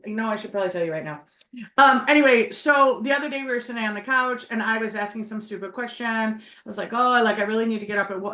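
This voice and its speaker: A woman hosting a live video chat who tells stories in a gushing, animated way and bursts into laughter easily. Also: on the high side, roomy sound. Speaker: host.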